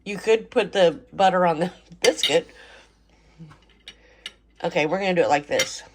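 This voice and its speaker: A woman's voice: lowish voice, normal speed, slight background noise. A middle-aged woman chatting enthusiastically as she cooks and tastes food in her home kitchen. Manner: chatty, enthusiastic, talks with mouth full. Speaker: cooking vlog host. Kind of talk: casual cooking chat.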